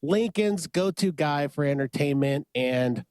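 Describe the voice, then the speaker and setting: A man hosts a podcast with energy despite being sick. His voice sits a little high and sounds dry and close to the mic. He talks up his co-hosts with enthusiasm. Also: unhurried, clean tone, no echo. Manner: energetic, hypes up guests. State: sick, under the weather. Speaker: podcast host. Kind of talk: upbeat casual chat.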